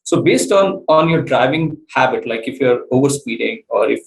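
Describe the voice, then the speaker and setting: A man, a startup CEO, explaining his business in an interview, halting with many fillers and restarts. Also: medium pitch, lively intonation, gravelly, rough recording. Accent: Indian English.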